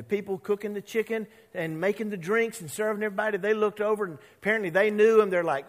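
A man's voice: high-pitched, fast, hardly any pauses. A man preaching a sermon as pastor, telling a story and acting out the voices of the people in it. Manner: animated, acts out quoted voices. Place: church sanctuary. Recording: long church hall reverb.

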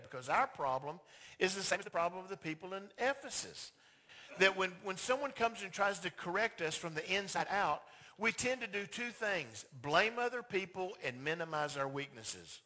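Bright, high-voiced preaching man. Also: lively intonation, moderate pace. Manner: emphatic, acts out quoted dialogue in skits. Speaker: pastor. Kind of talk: sermon.

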